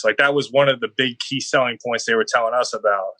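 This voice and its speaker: A young man with a bright, forceful voice tells stories in a loose, rambling way, filling his sentences with "like." The sound is dry and close, with no room around it. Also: mid-range voice, brisk, no room sound, rough recording. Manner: rambling, heavy on "like" fillers, animated storytelling. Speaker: guest football player. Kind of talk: casual podcast interview.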